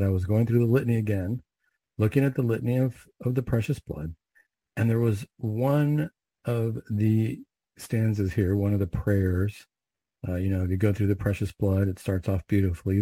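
A man leading Catholic prayers and giving an unhurried, reflective, conversational homily. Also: fairly low pitch, lively intonation, dark tone, dry recording.

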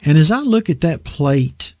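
A man's voice: on the high side, a little slow, no room sound, clean studio sound. A man preaching a conversational sermon, teaching a Bible lesson and asking his listeners rhetorical questions. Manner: animated, asks the audience rhetorical questions.

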